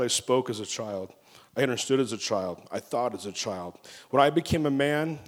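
A man preaching a sermon, telling stories in an animated way and acting out his own angry outbursts. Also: medium pitch, big-room sound. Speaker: pastor.

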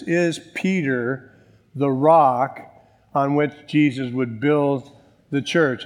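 Man, pastor, sermon, emphatic slow stresses, mid pitch, long hall reverb.

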